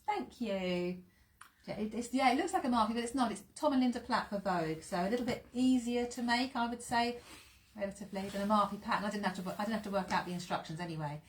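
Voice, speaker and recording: A chatty woman hosting a live sewing stream, talking at an everyday middle pitch. She greets viewers one by one and laughs easily. A faint hiss of room noise sits behind her. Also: quick pace. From England. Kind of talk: casual live-stream chat.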